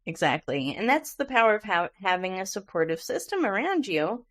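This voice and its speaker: Woman podcast host, chatty storyteller, laughs easily, mid-pitched voice. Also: big pitch swings, brisk. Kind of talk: casual podcast interview.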